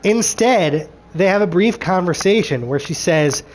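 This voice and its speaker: A man's voice: sits high, animated, normal speed, hardly any pauses. A man rambling through a show recap, exasperated and sarcastic, swearing freely as he picks apart the plot.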